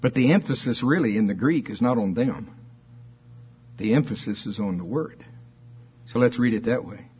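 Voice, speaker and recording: A man preaches with fervor, his voice husky and a little breathy at mid pitch. He reads scripture with heavy emphasis and throws questions out to his listeners. The recording sounds dull and muffled. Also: animated, moderate pace, long pauses. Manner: fervent, emphatic preaching with call-and-response questions. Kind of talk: sermon.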